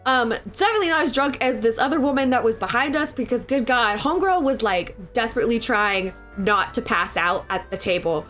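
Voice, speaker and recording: High-voiced chatty young woman. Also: expressive, brisk, hardly any pauses. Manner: chatty, rambling, swears freely, laughs often. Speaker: digital art streamer. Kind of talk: casual storytelling while drawing. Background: soft background music.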